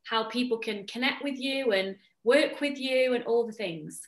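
Woman podcast host, effusive and complimentary, fairly high voice, echoey room. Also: moderate pace. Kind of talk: casual interview chat. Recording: roomy echo.

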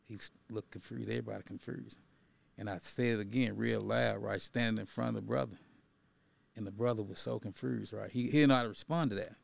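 On a podcast, a middle-aged activist and educator tells a personal story conversationally, often ending lines with "right?" or "you know" and building to an emphatic, preaching tone. He talks fast in a fairly low, creaky voice, with no echo.

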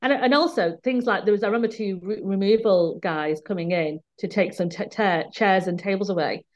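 A woman talks candidly as a podcast guest, her mid-pitched voice coming through slightly dull and lo-fi. She tells stories emphatically and acts out the back-and-forth of confrontations at work. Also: a little fast. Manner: emphatic, recounting confrontations with quoted dialogue. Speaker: guest, business owner. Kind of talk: candid storytelling in conversation. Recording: dull lo-fi sound.

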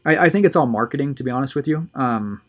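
A man with an ordinary, mid-pitched voice hosts his own video show in a relaxed, chatty monologue. He sounds upbeat and eager and often stumbles and repeats words as he talks. The delivery is casual and unscripted. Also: quick pace. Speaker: host of a tobacco review show.

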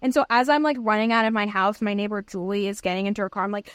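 A young woman co-hosting a podcast, telling a story in an excited, rambling way in casual chat. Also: medium pitch, fast talker, clean tone, no echo, clean studio sound. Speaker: podcast co-host.

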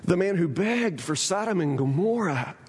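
Man, sermon, emphatic repeated phrases, high voice, long hall reverb. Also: expressive, normal speed, slightly rough. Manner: emphatic, repeats phrases, often asks the congregation "you understand?". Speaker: pastor.

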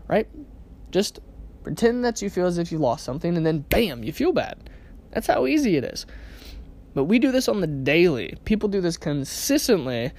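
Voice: mid-range voice, a little mellow. A podcast host giving a casual self-help monologue in a conversational way, often checking in with the listener by asking "right?" and laughing now and then.

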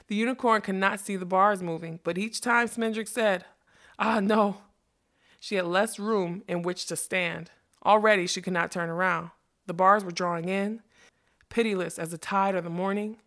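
A woman narrating a fantasy novel as an audiobook, measured and expressive. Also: mid-range voice.

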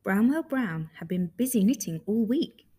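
A woman reading a children's story aloud in a lively, expressive way. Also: medium pitch, moderate pace, breathy edge.

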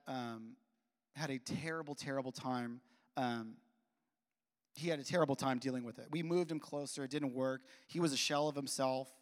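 A man in his forties telling a personal story in a sermon, animated, acting out dialogue and often restarting his sentences. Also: mid-range voice. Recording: long echoey hall reverb.

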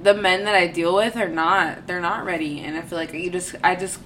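Tipsy young woman, bright and rambling. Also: lowish voice, fairly even intonation, a little fast, a little hiss or hum. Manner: rambling, filler-heavy, laughs often. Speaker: podcast co-host. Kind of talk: casual chat.

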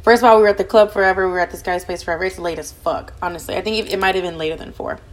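Young female podcast host; rapid, lively, profane storytelling voice. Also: fairly low pitch. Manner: fast, animated, profanity-laden chatter. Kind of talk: casual storytelling.

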